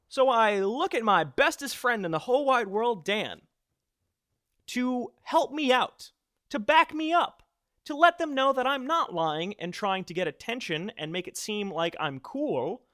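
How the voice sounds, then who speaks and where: A young man tells a funny personal story to the camera, joking at his own expense. His voice sits high and bright, and his pitch swings widely as he talks. The sound is close and dry, with almost no room echo. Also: normal speed. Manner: animated, self-mocking, jokey. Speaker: vlogger.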